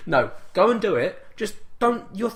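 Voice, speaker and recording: A man's voice: high-pitched, big pitch swings, normal speed, creaky, slightly rough. A young man co-hosting a podcast, dryly teasing and exasperated in casual chat. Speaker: podcast co-host.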